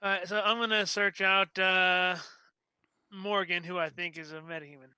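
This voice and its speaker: A man's voice: sits high, little pitch movement, normal speed, sharp tone, clear, resonant tone, no echo, poor audio. A man playing a tabletop role-playing game, explaining his moves in a hesitant, thinking-aloud way. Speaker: player. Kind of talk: casual tabletop game play.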